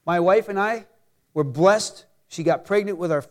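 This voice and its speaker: A middle-aged man preaching a sermon as a pastor. He swings between loud emphatic lines and quiet asides, and he reads scripture slowly for emphasis. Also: sits high.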